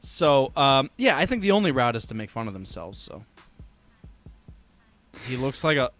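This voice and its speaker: A man's voice: mid-range voice, sing-song, normal speed, fairly bright tone, soft background music. Joking, blunt male podcast co-host. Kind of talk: casual chat.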